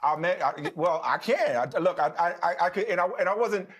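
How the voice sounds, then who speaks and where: A middle-aged man co-hosting a sports talk show, speaking conversationally, often restarting sentences and dropping in quick agreements. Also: high-pitched, lively intonation, fairly bright tone, husky. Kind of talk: casual sports debate.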